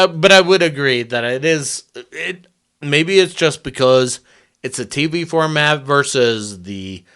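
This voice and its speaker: A man chatting casually on a podcast, laughing easily and slipping into playful asides. His voice is bright and lively, swinging up and down while he takes his time. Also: mid-range voice, clear, resonant tone. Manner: jokey, laughs often, drifts into mock bits. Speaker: podcast co-host. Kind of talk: casual chat.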